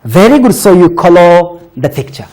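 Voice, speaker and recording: A woman teaching a children's phonics lesson, sounding out words deliberately and praising pupils often. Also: lowish voice, big pitch swings, mellow.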